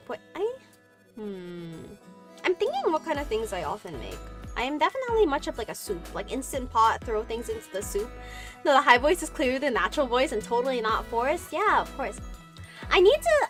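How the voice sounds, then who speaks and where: Lively young woman streamer, giggly chatter. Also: sits high. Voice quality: some vocal fry. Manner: chatty and rambling, many "like" fillers, frequent giggles. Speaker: VTuber streamer. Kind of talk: casual chat reading viewer comments.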